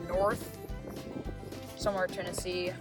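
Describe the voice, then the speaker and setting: Young southern gal vlogging outside by a lake, rambly and chatty, loud music under her. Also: on the low side, little pitch movement, measured pace. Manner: chatty, rambling, lots of fillers. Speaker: vlog host. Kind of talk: casual outdoor vlog narration. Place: outdoors by a lake.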